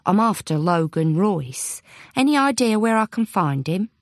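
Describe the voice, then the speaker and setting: A woman's voice: mid-range voice, big pitch swings, no echo, clean studio sound, voice pushed up. A woman voicing an earnest, slightly flustered young female reporter. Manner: earnest, quick to defend herself. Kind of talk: audiobook character voice.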